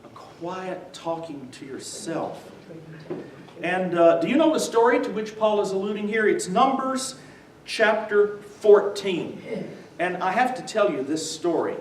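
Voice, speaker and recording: Slow, high-voiced man lecturing in an echoey room. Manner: quizzes the audience with "what?" prompts; chuckles while telling stories. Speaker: visiting lecturer on the New Testament. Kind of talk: church adult-education lecture. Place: church meeting room with a live audience. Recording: echoey room from far off, faint noise.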